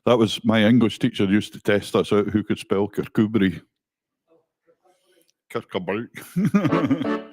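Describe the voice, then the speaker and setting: A man's voice: on the low side, level tone, normal speed, few pauses, darkish tone. A Scottish man hosting a music show, chatting casually and rambling with self-corrections. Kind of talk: casual radio-style presenting.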